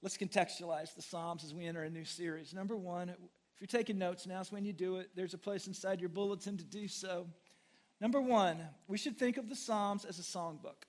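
A man pastor preaching a sermon, telling a story dramatically and swinging from hushed words to loud, blunt exclamations. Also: high voice, fairly even intonation, fairly quick. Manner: conversational, blunt.

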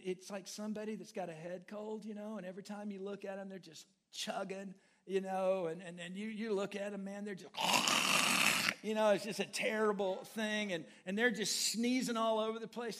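A male pastor with a notably high voice delivers a lively sermon. He talks in a folksy, humorous way, swinging between loud, emphatic bursts and quieter asides.

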